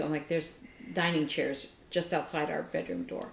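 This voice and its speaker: A woman co-hosting a casual chat, telling an animated story and laughing often. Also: low voice, moderate pace, vocal fry, background noise. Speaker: podcast co-host. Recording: roomy echo.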